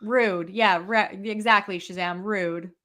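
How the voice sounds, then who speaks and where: A woman co-hosting a podcast in casual video-call chat, animated and blunt, swearing when heated. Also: medium pitch, slow. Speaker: podcast co-host.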